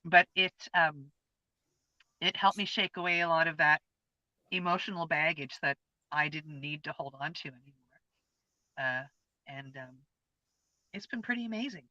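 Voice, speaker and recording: A woman's voice: low voice, steady tone, moderate pace, pauses often, pushed and bright, dry recording. A woman in her fifties co-hosting a casual chat, telling a personal experience in an earnest, open, heartfelt way. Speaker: co-host. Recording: dull lo-fi, dry sound.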